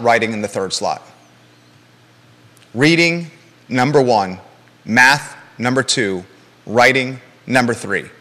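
A man's voice: mid-range voice, fairly bright tone, big-room sound. A man hosting a live local talk show, blunt and emphatic, with joking asides.

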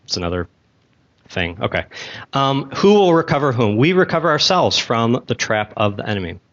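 Man, church class teacher, conversational with asides and questions, gum in his mouth, mid-pitched, somewhat muffled recording. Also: big pitch swings, normal speed, fairly bright tone. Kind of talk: casual Bible teaching to a class.

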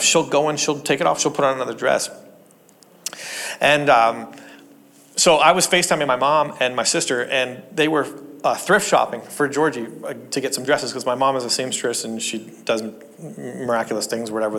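A man's voice: medium pitch, moderate pace. A young man giving a sermon, telling funny family stories and laughing often as he makes his point. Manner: jokey, animated, laughs at his own stories. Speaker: pastor. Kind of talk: sermon with personal storytelling.

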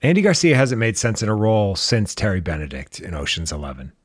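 A man's voice: lowish voice, big pitch swings, fast talker, no room sound, studio quality. A man co-hosting a podcast, giving blunt, sarcastic opinions on movies in casual chat. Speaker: podcast co-host.

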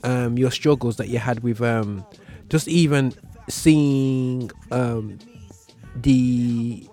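A man's voice: mid-range voice, extremely slow, warm tone. Brummie guy hosting a chat, slangy and rambly, laughs a lot, bit of music under it. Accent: Birmingham English. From Birmingham, England. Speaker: show host. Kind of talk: casual interview chat.

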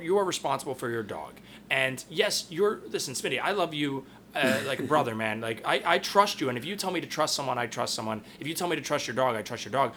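A young man, a podcast co-host, chatting casually in a blunt, profane, animated way. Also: on the high side, slight background noise.

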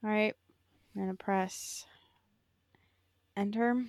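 A woman's voice: medium pitch, steady tone, takes it slowly, a little mellow, no echo, studio quality. A woman co-hosting a podcast in casual chat, hesitant and wry, with lots of fillers. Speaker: podcast co-host.

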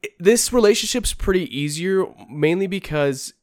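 Animated man telling stories on a podcast. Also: high-pitched, normal speed, dry recording, clean studio sound. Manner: animated storyteller, acts out quotes. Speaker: podcast host. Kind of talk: casual chat.

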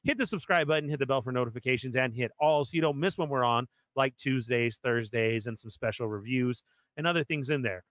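A man's voice: mid-range voice, fairly quick, no echo, studio quality. A man hosting a live toy collector stream, welcoming viewers by name and laughing along with his co-hosts. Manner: energetic, laughs a lot. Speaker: host.

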